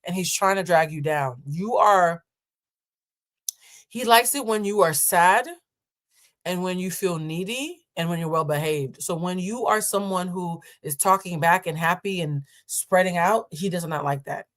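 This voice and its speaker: A woman's voice: fairly low pitch, unhurried. A woman hosting a live tarot reading, chatting with viewers in a sassy, playful way. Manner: sassy, playful and chatty, calls listeners "child". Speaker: tarot card reader hosting a live stream. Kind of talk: casual live-stream tarot reading, answering chat.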